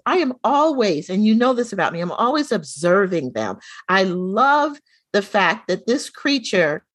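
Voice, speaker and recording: A middle-aged woman co-hosting a casual chat, telling a lively story and acting out the dialogue. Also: medium pitch, no room sound. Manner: animated storyteller, acts out quoted dialogue.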